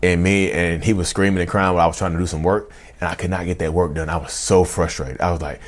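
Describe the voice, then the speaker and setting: A vlogger in his thirties tells his own story directly to viewers, confessional and animated, at a quick pace. He keeps saying "y'all" and "you know," and acts out his past outbursts in a loud, raised, high voice.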